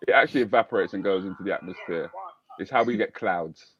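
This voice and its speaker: A man's voice: sits low, muffled recording. Easygoing male chat show host. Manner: easygoing, repeats himself, slow restarts. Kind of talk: casual online chat show.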